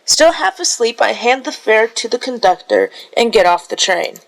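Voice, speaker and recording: A woman's voice: a little high, very animated, moderate pace, creaky, poor audio. A woman reading a story game aloud in a sleepy way, stumbling over words, correcting herself and breaking off for casual asides.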